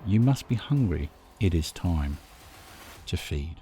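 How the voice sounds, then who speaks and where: A man voicing Zack, a calm and menacing old vampire leader, speaking solemnly and with command. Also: low-pitched, slow pace, slight background noise, heavily acted.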